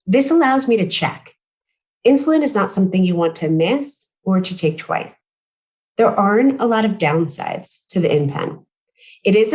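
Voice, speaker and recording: A woman nearing forty reading a prepared conference talk in a measured, careful way, now and then clearing her throat and correcting herself. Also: lowish voice, low-quality recording. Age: late 30s. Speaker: patient speaker at a medical conference.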